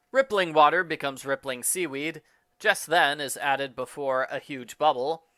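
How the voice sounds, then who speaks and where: A man briskly reading out a matter-of-fact list of changes made to a book. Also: fairly high pitch, sharp tone, no room sound, studio quality. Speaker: book reviewer listing edits.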